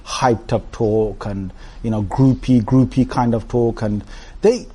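A man giving an Islamic talk to a gathering, speaking casually and with humor, often breaking into lively impressions. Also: medium pitch, unhurried, husky. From Britain. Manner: animated, mimics shouting preachers with humor; melodic chanted recitation. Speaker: preacher. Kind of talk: Islamic talk with Quran recitation.

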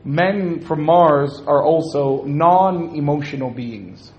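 A man's voice: on the high side, slow pace, dull audio. A man speaking to an audience at a religious talk, joking and acting out little scenes.

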